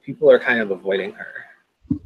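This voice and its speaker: Man game master, husky, casual rambling narration, voice chat. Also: fairly low pitch, expressive, moderate pace, lo-fi sound.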